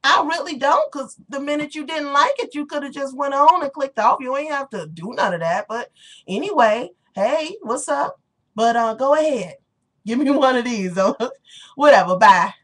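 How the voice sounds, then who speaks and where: A woman's voice: sits high, normal speed. Blunt, profane woman ranting on webcam. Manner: blunt, profane and animated, with sharp rhetorical questions. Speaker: webcam vlogger. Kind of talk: casual webcam rant.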